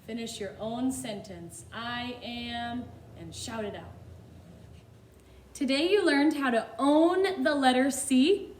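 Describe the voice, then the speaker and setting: A woman teaching a phonics lesson to young children, drawing out sounds in a slow sing-song manner. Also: a little high, reverberant, slight background noise. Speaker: kindergarten teacher.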